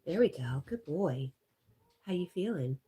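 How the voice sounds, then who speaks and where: Low, husky stuffy-nosed woman streaming. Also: animated, a little slow. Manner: chatty, talks softly to her dog between comments. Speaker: livestream host. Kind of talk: casual livestream chat, reading viewer comments aloud.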